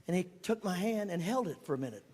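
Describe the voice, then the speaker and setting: An older man tells a personal story to a congregation in a high voice. He is animated and drops to a whisper for emphasis, then rises again. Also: fast talker. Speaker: speaker giving a testimony.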